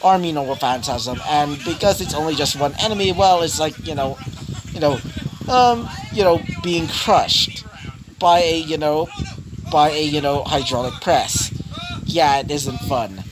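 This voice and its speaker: A man's voice: on the high side, measured pace, low-quality recording. A man narrating a fan story in a casual, rambling way, with constant fillers and frequent restarts.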